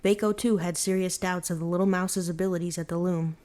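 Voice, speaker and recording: A woman reading a folktale aloud as a bedtime story, in a calm, even storytelling manner. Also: fairly low pitch, fairly quick.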